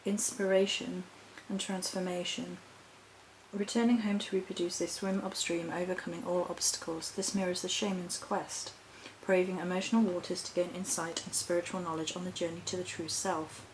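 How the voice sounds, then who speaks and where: This reflective spiritual vlog features a woman witch whose voice sits on the low side, level in tone and moderate in pace. She wanders thoughtfully through her practice, interrupting herself to correct things and laughing. The recording is rough, with slight background noise.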